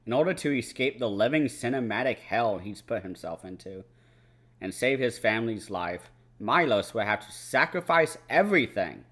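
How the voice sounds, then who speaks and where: A man's voice: medium pitch, lively intonation, normal speed, a bit bright. A young man chatting casually about films on a movie-marathon vlog, rambling and swearing freely. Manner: rambling, profane, lots of "like" and "you know". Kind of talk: casual movie review chat.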